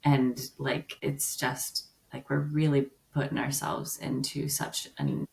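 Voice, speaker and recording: A woman's voice: very deep voice, sing-song, takes it slowly, vocal fry, poor audio. A woman co-hosting a podcast, talking conversationally, often agreeing and asking rhetorical questions. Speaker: podcast co-host. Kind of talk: casual chat.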